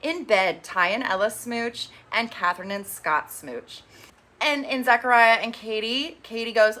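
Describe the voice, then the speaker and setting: A young woman hosts a casual TV recap in a bright, clear voice. She is chatty and sarcastic, and she slips into quick impressions of the people she quotes. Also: on the high side. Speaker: recap host.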